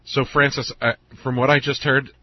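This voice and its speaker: A man's voice: medium pitch, little pitch movement, normal speed, highs cut off, crowd noise. A man co-hosting a radio talk show with dry, teasing remarks. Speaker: radio co-host.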